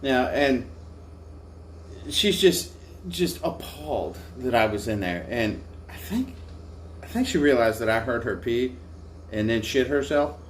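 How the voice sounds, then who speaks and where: Running on little sleep, this motorcycle travel vlogger relates a crude, profane story about his trip, mocking himself along the way. He speaks in a mid-range voice with big pitch swings at a measured pace, pausing often, over a faint background hiss.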